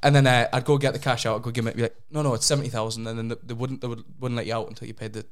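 A young man, telling a rambling story on a casual podcast, his voice jumping up in pitch when he gets excited. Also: rapid-fire. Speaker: podcast co-host. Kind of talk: casual chat.

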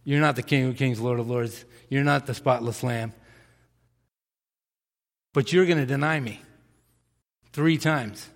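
A man preaching a sermon as a pastor, telling stories in an animated way and acting out the voices of the people in them. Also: mid-range voice, measured pace, long pauses, in a large hall. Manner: animated storytelling, acts out voices.

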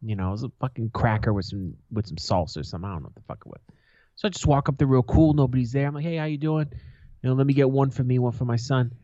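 With a mellow, mid-range voice and a very fast delivery, a male podcast co-host swaps stories in casual conversation, blunt, profane and aggressive. There's no echo, though the sound is a little dull and lo-fi.

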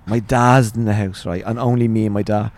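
A man's voice: lowish voice, fairly even intonation, brisk, darkish tone. A man with an Irish accent, in his forties, telling swearing, laughing anecdotes about his family in a casual interview. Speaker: guest, author.

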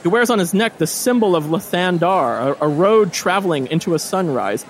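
Animated high-voiced game master. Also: male voice, normal speed, slight background noise. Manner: animated, jokey. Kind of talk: narrating a tabletop game.

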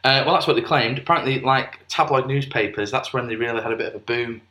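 A man's voice: mid-range voice, quick pace, bright, forceful tone, roomy sound. A British man co-hosting a podcast, chatting casually and joking. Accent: British English. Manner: jokey, bantering, breaks into put-on voices. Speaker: podcast co-host. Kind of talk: casual chat.

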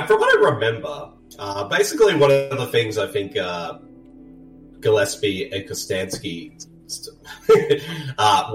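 A man hosting a casual movie commentary. He is chatty, laughs often and trails off with ums and uhs. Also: on the low side. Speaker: podcast host. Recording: roomy, distant mic with faint music.

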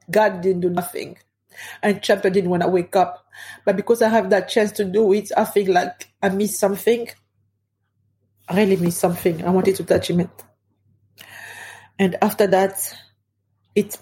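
A middle-aged woman recounts a loss in her own words, her grieving voice soft and mellow. She speaks haltingly, her English marked by non-native grammar and stops to find words. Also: medium pitch. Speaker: bereaved mother. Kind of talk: personal testimony.

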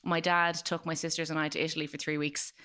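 A woman's voice: deep voice, flat delivery, quick pace, bright, forceful tone, smooth. An Irish woman from Galway, guesting on a podcast and telling stories in a playful, joking way. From Galway, Ireland. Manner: playful, jokey storyteller. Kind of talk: casual chat. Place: studio.

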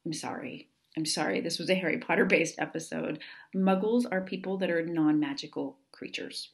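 A woman's voice: fairly low pitch, a little fast, creaky. A woman hosting her own podcast in a casual monologue, candid and earnest, swearing freely as she chats. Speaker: podcast host.

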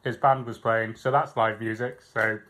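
A man's voice: lowish voice, steady tone, moderate pace, crowd noise. A man co-hosting a casual pub podcast, sweary and playfully combative. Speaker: podcast co-host.

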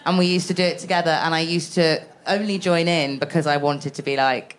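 A woman's voice: low voice, steady tone, a little fast. A woman co-hosting a live podcast, joking and self-mocking as she playfully presents facts. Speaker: podcast co-host. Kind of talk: casual live podcast chat. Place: live event in a shop.

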